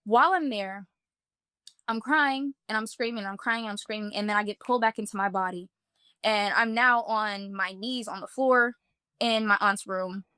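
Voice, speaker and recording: Bright-voiced woman telling her story. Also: medium pitch, moderate pace, smooth, no echo, studio quality. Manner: earnest, vivid, many "like" fillers. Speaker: guest telling a personal testimony. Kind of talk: emotional first-person storytelling.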